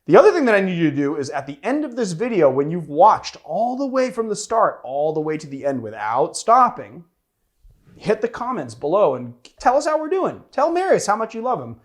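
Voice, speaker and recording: A man's voice: high voice, wildly swooping pitch, fairly quick. A man hosting a cocktail show in casual chat, playfully teasing his co-host.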